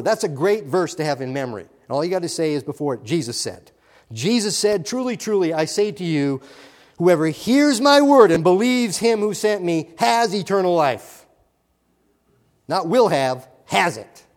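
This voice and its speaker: A male pastor preaching a sermon with emphatic swings between loud and soft, repeating key words. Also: fairly high pitch. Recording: long hall reverb.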